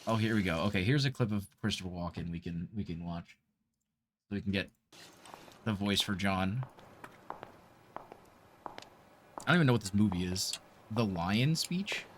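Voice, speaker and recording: A man's voice: on the low side, moderate pace, pauses often, a bit bright, slight background noise. A man streaming live, chatting casually and reacting aloud with laughter.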